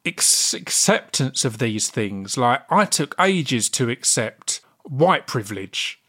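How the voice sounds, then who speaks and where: A man's voice: medium pitch, big pitch swings, takes it slowly, a bit bright. A man hosting a casual interview, enthusiastic and casually swearing, often restarting his sentences. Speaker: interviewer host.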